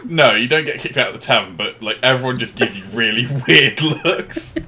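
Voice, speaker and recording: A man with a bright, forceful tone runs a tabletop game over voice chat. His pitch jumps around a lot as he narrates in a laid-back way, laughing often and stumbling over restarts. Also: lively intonation, normal speed. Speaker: game master. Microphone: voice chat microphone.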